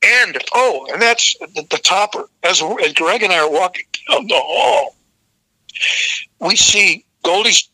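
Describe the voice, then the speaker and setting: An older man, a rock singer, telling a profane, animated story as a guest in a casual interview. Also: high-pitched, unhurried, no echo, rough recording.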